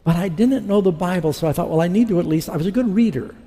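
A man's voice: sits high, quick pace, mellow, husky. A middle-aged man preaching a sermon, telling his conversion story and acting out his past dialogue. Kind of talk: sermon testimony. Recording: long hall reverb.

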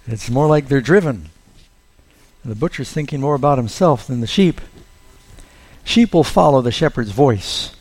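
A man's voice: mid-range voice, expressive, normal speed, pauses often, a little mellow. A man preaching a sermon as pastor, telling stories and acting out the lines he quotes in a raised voice.

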